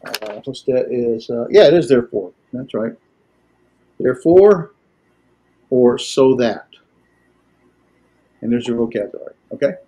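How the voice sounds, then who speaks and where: Husky man teaching in halting lecture. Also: medium pitch, warm tone. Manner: halting, many filler pauses. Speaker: Greek teacher. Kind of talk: classroom lecture.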